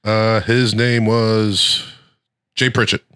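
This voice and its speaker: A man's voice: slow, clear, resonant tone. A young man co-hosting a podcast, trading crude jokes and laughing often. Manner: laughs often, jumps high in pitch when excited. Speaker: podcast co-host. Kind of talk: crude casual banter.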